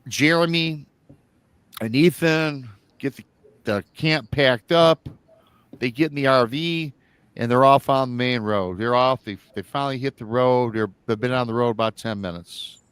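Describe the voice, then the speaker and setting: A man's voice: mid-range voice, unhurried, fairly bright tone, smooth, no echo. A man hosting a live show, retelling a listener's story in a rambling, casual way and acting out the quoted lines. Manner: rambling, repeats himself, acts out quoted lines.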